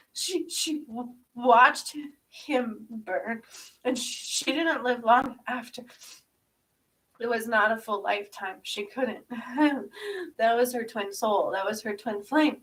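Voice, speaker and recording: A woman with a fairly high voice channels a spiritual vision, crying and short of breath. She halts, repeats her words and laughs through her tears. Her voice sounds a little distant from the microphone. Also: a little slow. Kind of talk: emotional channeling session.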